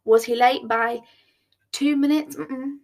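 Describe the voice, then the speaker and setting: A young woman hosting a podcast, telling a date storytime in a blunt, animated way with swearing and acted-out dialogue. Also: sits high, slow, vocal fry. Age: young adult. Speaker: podcast host.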